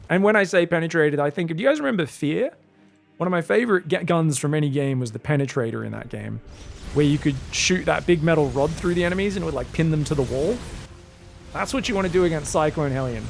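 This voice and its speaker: Male esports caster, high voice, excitable and jokey, faint music underneath. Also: gravelly. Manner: excitable, jokey, rambling asides. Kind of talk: live game commentary.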